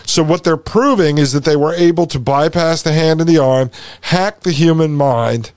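A man's voice: on the high side, normal speed, a little mellow, no echo. A man hosting a podcast, commenting over a video he is playing, emphatic and repetitive, with sarcastic asides. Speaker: podcast host.

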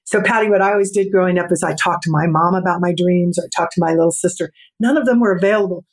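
A middle-aged woman, a podcast guest, telling a personal story in an earnest, reflective way and slowing down for emphasis. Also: on the low side. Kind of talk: storytelling in an interview.

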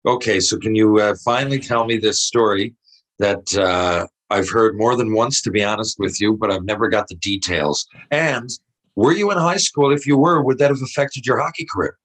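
A man hosting a casual interview, talking haltingly and often restarting his sentences. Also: on the low side, a bit bright, low-quality recording. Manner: halting, repeats words and restarts.

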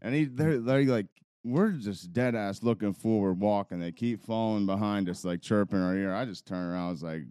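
A man's voice: fairly low pitch, a little fast, few pauses, mellow, smooth, no room sound, studio quality. A young man co-hosting a podcast, telling a rambling, profane story with bursts of laughter. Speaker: podcast co-host. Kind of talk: casual storytelling chat.

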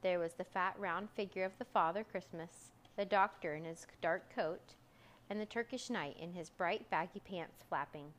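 A woman reading a children's storybook aloud in a calm, steady way. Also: fairly low pitch, normal speed.

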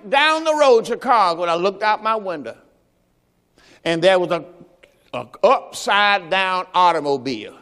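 A man preaches with a very high, bright voice that carries a long reverb through the church. He urges the congregation on with call-and-response and builds into shouting. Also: smooth. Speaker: pastor. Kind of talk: sermon. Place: church sanctuary.

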